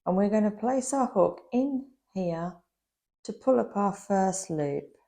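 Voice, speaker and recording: Slow, gravelly-voiced woman teaching crochet. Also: mid-range voice, lively intonation, warm tone. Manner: slow, patient, instructional. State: slightly losing her voice. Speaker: crochet instructor. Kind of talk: step-by-step craft tutorial.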